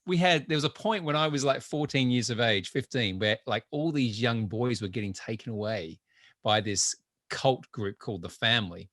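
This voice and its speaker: A man from Adelaide whose Australian accent has been mixed by twenty years in the UK, chatting as a guest on an interview podcast in a lively way and laughing easily. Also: medium pitch, moderate pace, no room sound, studio quality. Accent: Australian, mixed after twenty years in the UK. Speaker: guest entrepreneur. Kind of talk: interview conversation.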